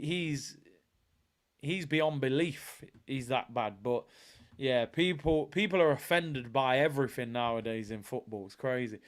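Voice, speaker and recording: A man hosting a live football watchalong, bantering and trolling rival fans, bursting into shouts at big moments. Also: fairly high pitch.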